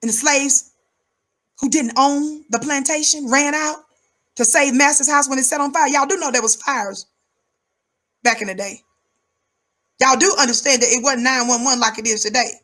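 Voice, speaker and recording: Woman commentator, high-energy preacher cadence, husky voice, pitched a bit high. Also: moderate pace, pauses often, sharp tone. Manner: emphatic, rhythmic, repeats words for effect; calls herself high-energy. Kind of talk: fiery preaching-style commentary.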